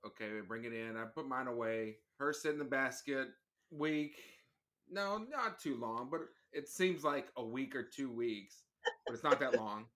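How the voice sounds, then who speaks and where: A man's voice: mid-range voice, moderate pace, fairly bright tone. A man guesting on a podcast with his wife, chatting in an easygoing, rambling way and often restarting his sentences. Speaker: podcast guest, co-host's husband. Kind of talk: casual chat.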